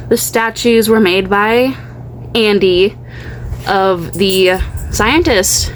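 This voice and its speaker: A woman's voice: medium pitch, slight background noise, low-quality recording. A woman hosting a doll unboxing at home, chatting casually and rambling. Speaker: doll unboxing channel host.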